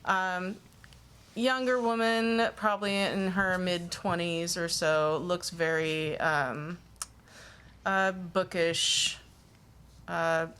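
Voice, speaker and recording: A woman's voice: lowish voice, fairly even intonation, takes it slowly, fairly bright tone, clean tone. A woman narrating a tabletop role-playing scene as game master, casual and full of fillers. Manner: casual, hesitant, many fillers.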